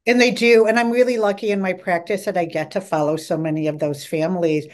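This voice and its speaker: A woman's voice: fairly low pitch, quick pace. A middle-aged woman dietitian, a podcast guest, talking eagerly and acting out her patients' words. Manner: enthusiastic, talkative, quotes patients in lively voices. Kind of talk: podcast interview.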